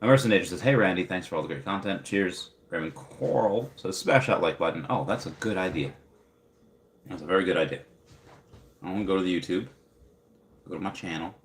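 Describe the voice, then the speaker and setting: A young man with a very low voice chats loosely on a livestream, rambling and packing his talk with fillers as he answers viewers. His voice carries a roomy echo off the walls around him. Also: a little fast, gravelly, pauses often. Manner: rambling, filler-heavy, upbeat. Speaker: livestream host. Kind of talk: casual live chat reading viewer comments.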